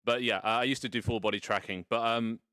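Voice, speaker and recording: A man's voice: mid-range voice, steady tone, fast talker, sharp tone, clear, resonant tone, no echo, studio quality. A man casually hosting a live stream from inside virtual reality, rambling and playful with some casual swearing. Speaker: VR streamer hosting a fashion show. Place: indoors in a home VR setup.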